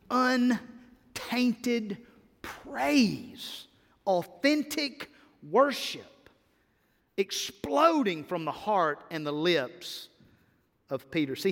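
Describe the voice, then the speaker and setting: A man's voice: sits high, a bit bright. A man pastor preaching an Easter sermon in a church, fervent and emphatic, often stammering and repeating words as he builds. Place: church sanctuary. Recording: long church-hall reverb.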